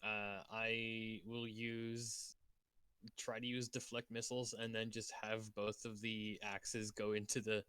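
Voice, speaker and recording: Slow-talking man at a game table. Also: on the low side, monotone, pushed and bright, clear, resonant tone, no echo. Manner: casual, laughing, hesitant. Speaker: player.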